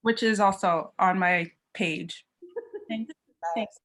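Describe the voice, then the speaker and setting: Woman guest, super slow and chill talking. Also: medium pitch, fairly bright tone. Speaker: guest speaker. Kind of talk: casual video call conversation.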